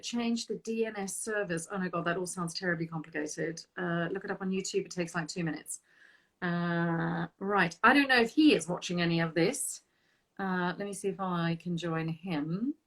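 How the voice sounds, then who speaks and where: A woman hosting a live-streamed video-call interview, chatty and quick to laugh. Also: medium pitch, bright, forceful tone. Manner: chatty, laughs often, reads viewer comments aloud. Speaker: host.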